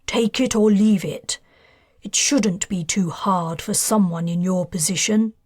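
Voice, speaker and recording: Woman narrator plays a firm, controlled man striking a deal; slow and deliberate. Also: sits high, no room sound, studio quality. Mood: bargaining. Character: guarded, bargaining upper-class man.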